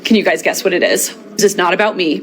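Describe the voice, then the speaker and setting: A woman's voice: fairly low pitch, quick pace, a bit bright, a little hiss or hum. A woman teacher in a social media skit, bubbly and breathless as she addresses her class.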